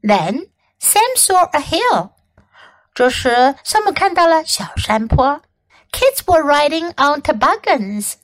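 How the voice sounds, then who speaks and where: A woman English teacher reading a children's story aloud in an expressive, clearly enunciated voice. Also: high-pitched, slow.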